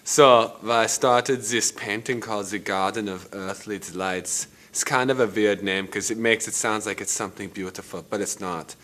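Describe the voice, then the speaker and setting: A man's voice: lowish voice, normal speed, few pauses, fairly bright tone, close to an everyday voice. An actor playing a rambling, eccentric male painter in a comedic mockumentary interview, talking casually and crudely.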